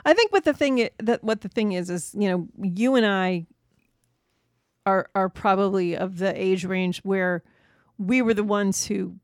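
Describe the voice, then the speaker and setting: A woman's voice: mid-range voice, a little slow, no echo. Chatty middle-aged woman, dry close mic. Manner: chatty, hedging with "you know". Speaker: podcast co-host. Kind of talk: casual podcast chat.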